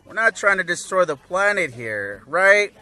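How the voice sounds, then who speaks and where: Guy doing chill cartoon angel attendant, kinda high and bright, easygoing scolding. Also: sing-song, moderate pace, heavily acted.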